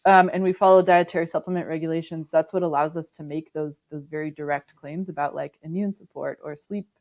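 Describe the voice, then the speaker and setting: A woman's voice: sits low, steady tone, fairly quick, darkish tone, dull audio. A woman guest on a podcast interview, explaining her work thoughtfully with frequent ums and restarts. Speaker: sustainability manager, podcast guest. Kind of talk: conversational interview.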